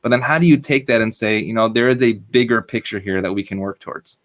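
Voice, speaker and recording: Low-voiced rabbi hosting interview. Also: male voice, fast talker. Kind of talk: conversational interview.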